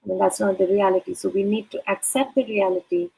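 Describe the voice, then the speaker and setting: A woman in the role of a career advisor, speaking directly to the listener in a measured, advising way. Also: mid-range voice, steady tone, vocal fry, dark tone, slightly rough, low-quality recording. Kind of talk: advice talk.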